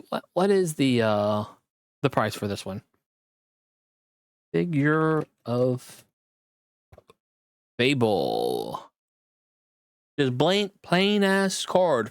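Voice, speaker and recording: Man opening card packs in his room, reads text slowly and stumbles, dry close sound. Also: a little high, no room sound. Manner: reads card text aloud haltingly, with quick reactions. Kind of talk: casual card-pack opening commentary. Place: own room at home.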